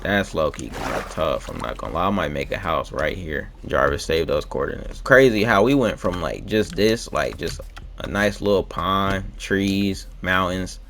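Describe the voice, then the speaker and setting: A man's voice: low-pitched, expressive, normal speed, fairly bright tone. A young man rambling in slangy, laid-back chat while playing a video game late at night. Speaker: gaming vlogger.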